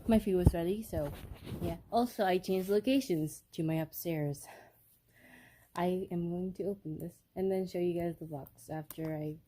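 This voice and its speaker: Giggly, excited young woman unboxing. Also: fairly low pitch, normal speed. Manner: giddy, giggly, rambling with many fillers. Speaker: vlogger. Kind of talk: casual unboxing vlog. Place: upstairs room at home. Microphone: phone held by the speaker.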